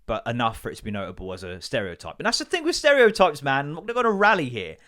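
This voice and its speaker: A man's voice: mid-range voice, wildly swooping pitch, fast talker, fairly bright tone. Bloke ranting on his podcast, swears a lot, voice bouncing all over. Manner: swearing, rambling storyteller doing voices. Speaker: podcast host. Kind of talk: casual comedic rant.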